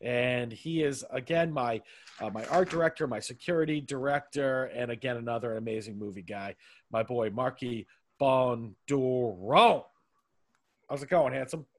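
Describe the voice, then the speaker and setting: A man's voice: mid-range voice, moderate pace. A man hosting a casual podcast chat, teasing his co-hosts with playful banter. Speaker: podcast host.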